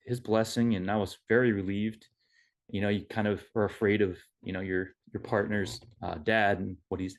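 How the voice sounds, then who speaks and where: A man telling a personal story at an online memorial, halting with many fillers and restarts, heard over a video call. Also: on the low side. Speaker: memorial speaker, son-in-law. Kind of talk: casual storytelling.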